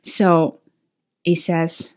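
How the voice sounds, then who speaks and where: A woman's voice: on the low side, flat delivery, extremely slow, a little mellow. A woman teacher, not a native English speaker, talking her students through a reflective lesson with frequent restarts and self-corrections.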